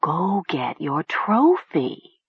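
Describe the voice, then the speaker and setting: A reader doing a soft, sinister commanding voice. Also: mid-range voice, wildly swooping pitch, slightly rough, muffled recording, exaggerated voice. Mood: cold commanding. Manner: slow, hushed, coaxing orders. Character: soft commanding voice inside a girl's head. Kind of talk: audiobook reading.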